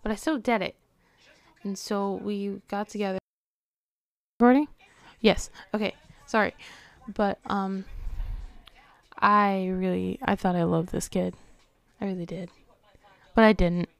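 Teen girl podcaster late at night, sleepy, hesitant, keeps slipping into a whisper, clean smooth voice. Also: mid-range voice, fairly even intonation, measured pace, long pauses, no room sound. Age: teens. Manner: hesitant, soft-spoken, often trailing into a whisper. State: tired, yawning. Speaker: podcast host. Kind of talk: confessional late-night monologue.

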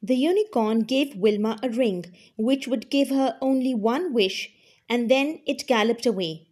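A woman's voice: on the high side, darkish tone. A woman teacher reading a storybook aloud to language learners and explaining words along the way. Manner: slow and clearly spoken, explaining to learners. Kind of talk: reading a class reader aloud.

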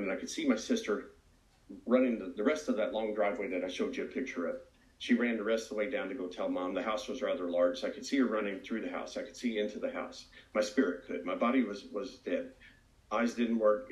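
A man giving an earnest, reflective personal testimony as a recovery speaker. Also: fairly low pitch. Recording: roomy echo.

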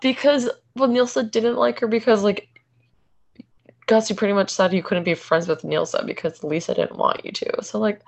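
A woman in relaxed casual chat as a podcast co-host, retelling reality-TV scenes with quotes. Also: mid-range voice, moderate pace, vocal fry.

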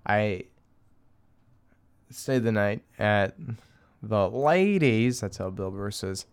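A young man with a low, gravelly yet smooth voice, talking alone in a casual, crude comedic rant. He rambles from one gripe to the next and chuckles as he talks. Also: flat delivery, slow pace. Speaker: podcaster.

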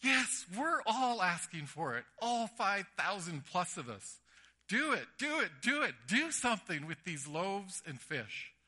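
A man playing an excited, gleeful young boy. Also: measured pace, husky, exaggerated voice. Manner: high, loud and bouncy.

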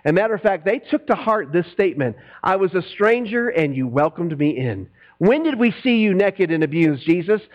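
Animated preaching man, high voice. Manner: animated, swings from loud preaching to quiet asides. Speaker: pastor. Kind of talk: sermon. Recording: dull lo-fi recording with mains hum.

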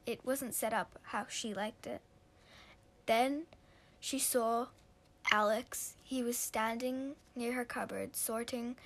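Woman telling a casual improvised story. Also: fairly high pitch. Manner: loose, with fillers and restarts.

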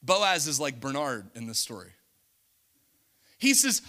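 A male preacher delivers an animated sermon, often laughing and acting out the scenes he describes. His fairly high voice is sharply bright and swings widely up and down. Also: a little slow, long pauses.

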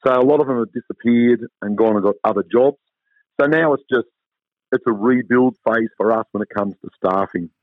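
A man's voice: mid-range voice, fairly quick, no room sound. Australian man, phone interview guest, chatty and upbeat, tinny phone line, dry sound. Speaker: travel company guest.

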